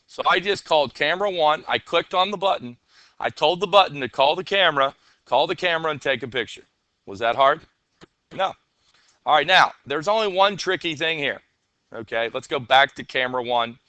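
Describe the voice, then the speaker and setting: A man's voice: fairly high pitch, animated, moderate pace, pushed and bright, dry recording. A man teaching a classroom coding lesson, asking his students questions and answering them himself.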